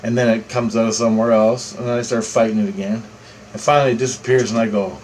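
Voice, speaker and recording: A man with a lowish voice talks fast over background noise, telling a first-person story in a casual, rambling way. He repeats himself and swears freely.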